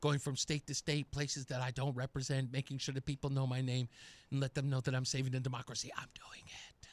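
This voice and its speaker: A man voicing an exhausted, self-pitying male senator in a low, breathy, half-whispered mocking parody. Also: monotone, brisk, dry recording, lightly acted. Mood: whiny mockery. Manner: mocking, whiny.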